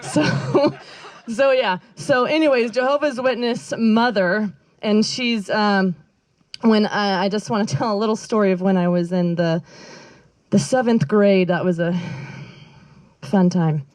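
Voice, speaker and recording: A woman's voice: mid-range voice, a little slow, a little mellow, no room sound. A woman doing a stand-up comedy set outdoors in a backyard, rambling and self-deprecating, with lots of fillers and her own laughter. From Northern California.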